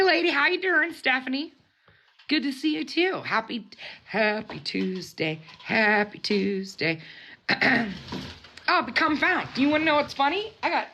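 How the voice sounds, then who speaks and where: A woman's voice: sits high, pushed and bright, slight background noise. A woman hosting a casual mukbang livestream, chatting in a bubbly way and greeting her viewers. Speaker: livestream host.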